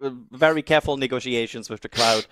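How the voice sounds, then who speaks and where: A man co-hosting a casual live stream, teasing gently and stumbling over his words on a video call. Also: mid-range voice, fast, slight background noise.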